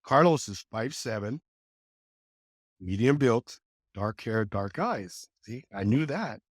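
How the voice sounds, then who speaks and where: A Californian man in his sixties, a podcast guest, tells his life story casually and animatedly, acting out quoted dialogue with lively jumps in pitch. His voice is slow and husky, recorded dry with clean studio sound.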